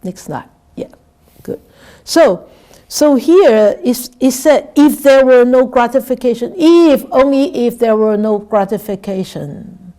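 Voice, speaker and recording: A Buddhist nun giving a dharma talk. She speaks haltingly, repeats words and keeps asking "right?". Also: fairly high pitch, expressive, dark tone. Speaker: Buddhist nun teaching scripture.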